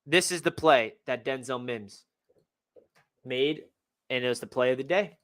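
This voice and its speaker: A young man excitedly breaking down game film as a fan analyst, talking in a slangy way full of exclamations. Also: medium pitch, unhurried.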